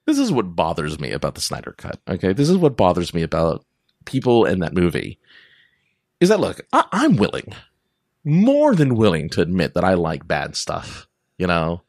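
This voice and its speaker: A deep-voiced man hosts a podcast alone, talking in a loose, rambling way that drifts from tangent to tangent. His pitch swings widely as he goes, and he laughs often. The sound is dry and close. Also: wildly swooping pitch, moderate pace, a little mellow, no room sound. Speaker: podcast host. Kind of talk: casual rambling monologue.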